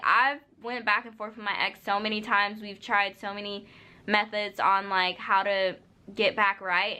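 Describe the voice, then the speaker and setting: A woman's voice: on the high side, bright, forceful tone. A young woman vlogging, giving casual, unscripted advice straight to camera, full of "like" and "you know". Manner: earnest, direct advice-giving.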